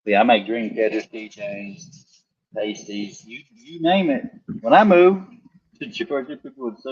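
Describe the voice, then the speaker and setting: A man's voice: fairly low pitch, unhurried, breathy edge, lo-fi sound. A middle-aged man co-hosting a live stream, chatting in a goofy, joking, rambling way. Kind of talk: casual live-stream chat.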